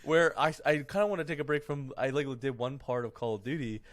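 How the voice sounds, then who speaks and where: A young man co-hosting a casual podcast, laughing often and chiming in with agreement. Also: mid-range voice. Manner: laughing, quick back-channel agreement. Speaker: podcast co-host.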